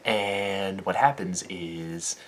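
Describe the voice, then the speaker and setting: A young man with a very deep, low voice tells a story in a casual vlog. He acts out each person in it with lively energy, and he grows quiet and sincere when the talk turns serious. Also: drawn-out words, slight background noise. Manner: animated, acts out quoted people in the story; turns soft and earnest on serious topics. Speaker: vlogger and dance teacher.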